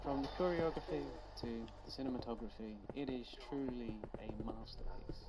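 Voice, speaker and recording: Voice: mid-range voice, normal speed, low-quality recording. A narrator telling a sarcastic, casual commentary who swears and puts on character voices. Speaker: video essay narrator.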